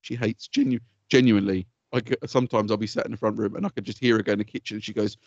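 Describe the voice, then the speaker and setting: Bloke rattling off stories quick, lots of swearing, dry dull sound. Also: male voice, on the low side, no room sound. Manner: swears freely, animated storytelling with put-on quotes. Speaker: podcast co-host. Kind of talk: casual chat.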